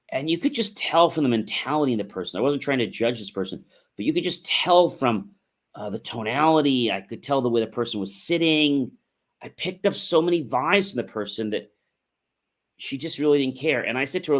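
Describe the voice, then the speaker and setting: A man hosting a motivational livestream, talking earnestly and repeating himself, with frequent fillers and asides to "ladies and gentlemen". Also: mid-range voice, big pitch swings. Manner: measured delivery with frequent fillers. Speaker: host.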